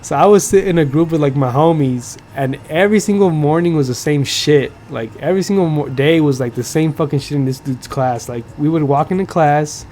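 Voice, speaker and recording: A young man tells a story on his podcast in loose, profane talk, packed with "like" and bursts of laughter. His voice sits a little high for a man. A faint background noise runs under the recording. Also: fairly quick, hardly any pauses, a little mellow. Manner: loose and profane, heavy filler "like", laughs while telling. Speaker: podcast host. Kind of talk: casual storytelling.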